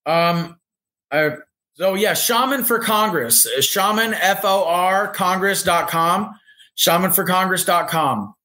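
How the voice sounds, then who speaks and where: A man's voice: high voice, takes it slowly, sharp tone. A man as a guest on a casual podcast interview, talking in an earnest way about spiritual ideas.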